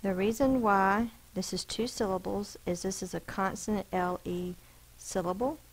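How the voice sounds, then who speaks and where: A woman's voice: medium pitch, fairly even intonation, poor audio. Patient woman teaching spelling. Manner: patient, explains slowly, sounds out letters and syllables. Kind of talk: recorded spelling lesson.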